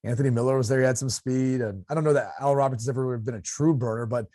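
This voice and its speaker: A man's voice: medium pitch, steady tone, fast, warm tone, no echo, clean studio sound. A man from Ohio hosting a casual sports talk show, chatty and thinking aloud with fillers and repeats. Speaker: show host and former player.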